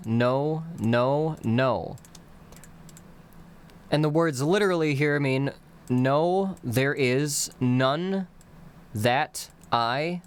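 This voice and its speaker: A man with a smooth, mid-range voice walks a live stream audience through a language he invented. His pace is slow and explanatory, and he unpacks phrases into their literal meanings word by word.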